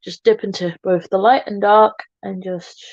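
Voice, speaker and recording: A woman's voice: medium pitch, steady tone, moderate pace, darkish tone, dry recording, lo-fi sound. Chatty woman doing a makeup livestream. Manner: chatty, self-mocking, talks to viewers while working. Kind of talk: casual makeup tutorial chat.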